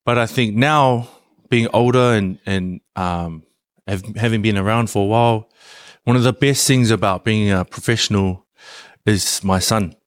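A man, a professional rugby player, telling an animated story in an interview with lots of laughs and fillers. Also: fairly low pitch, moderate pace, smooth, no room sound, studio quality.

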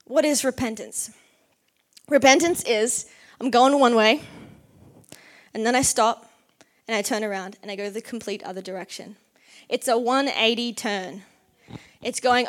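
A young woman with a fairly high voice preaches a sermon. She talks earnestly and conversationally, weaving her own story into scripture, with bursts of lively animation. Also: unhurried.

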